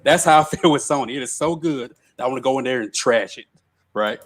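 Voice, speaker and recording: A man's voice: medium pitch, brisk. A man in casual gaming chat, giving blunt, joking opinions.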